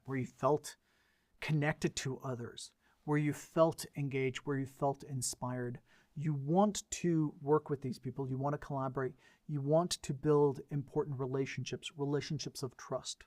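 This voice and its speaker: A man's voice: medium pitch, fairly even intonation, normal speed, a little mellow, no echo, clean studio sound. A middle-aged man, a mediator, giving an earnest educational lecture full of rhetorical questions and lists.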